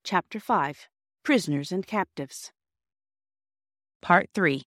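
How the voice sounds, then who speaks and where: A woman reading a children's classic aloud as a podcast narrator, with gentle, measured storytelling. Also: lowish voice, no room sound, clean studio sound. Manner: gentle storybook reading, voices dialogue lightly. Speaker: audiobook reader. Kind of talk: scripted narration.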